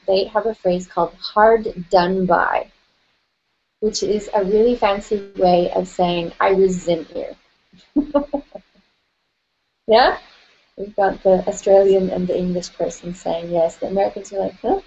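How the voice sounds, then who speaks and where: A woman guiding a tapping session, gentle and playful, often breaking into laughter. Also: mid-range voice, unhurried, lo-fi sound.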